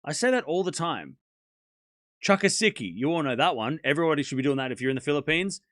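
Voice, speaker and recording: Hosting a laid-back tennis watchalong, this young Australian streamer jokes his way through viewer questions, laughing and exclaiming readily. His slightly high voice is fairly bright with lively intonation, captured in clean, echo-free studio sound.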